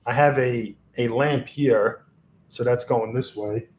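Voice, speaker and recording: In a lamp-lit room at home, a man chats casually on a livestream, rambling and chuckling into an XLR mic resting on a box. His mid-range voice has a darkish tone and a slow pace, with a little hiss or hum in the recording.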